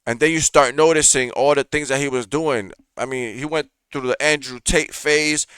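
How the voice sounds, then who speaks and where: Bright, animated male reaction-show host. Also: mid-range voice, moderate pace, clean tone, dry recording, clean studio sound. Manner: profane, animated rant with frequent fillers. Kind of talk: casual reaction commentary.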